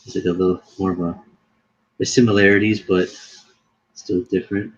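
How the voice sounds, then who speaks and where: Deep-voiced laughing man, lo-fi call. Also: level tone, brisk. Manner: chatty, laughing, loose storytelling. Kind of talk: casual chat.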